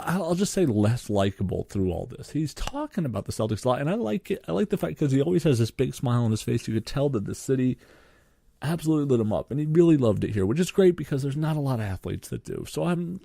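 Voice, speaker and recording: A man's voice: medium pitch, big pitch swings, fast talker, creaky, mellow, no echo, studio quality. A young man, co-hosting a podcast and ranting sarcastically about sports, swearing freely. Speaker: podcast co-host. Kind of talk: solo sports podcast rant.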